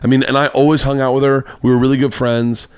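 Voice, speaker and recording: A man's voice: medium pitch, little pitch movement, fast, smooth, no echo, clean studio sound. A man hosting a podcast, telling a long, rambling anecdote in casual chat and acting out the voices of the people in it. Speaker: podcast host. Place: home studio room.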